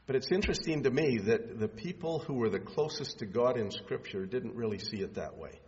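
A man's voice: medium pitch, animated, a little mellow. Man preaching in a reverberant hall. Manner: measured, emphatic preaching with pauses. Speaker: pastor. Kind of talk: sermon. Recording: muffled sound in a reverberant hall.

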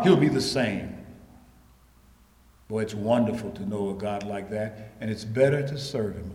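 A man preaching a sermon in a repetitive rhetorical cadence, swinging from hushed low passages to loud shouted emphasis. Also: expressive, moderate pace. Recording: echoey hall with long reverb.

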